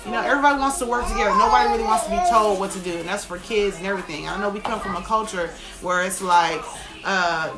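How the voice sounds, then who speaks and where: A woman's voice: mid-range voice, quick pace. An American woman chatting casually on a live stream, giving motivational tips between frequent laughs.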